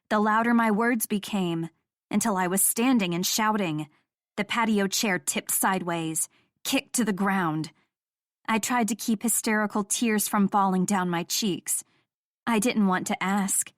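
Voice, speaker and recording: A woman's voice: mid-range voice, a little slow, dry recording, studio quality. Woman narrating a romance audiobook.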